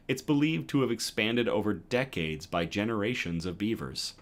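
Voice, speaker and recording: A man hosting a news livestream, reading stories aloud and chatting with viewers between them in a lively, self-correcting way. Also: lowish voice, normal speed. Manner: lively, reads chat comments aloud and self-corrects with a laugh. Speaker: news show host.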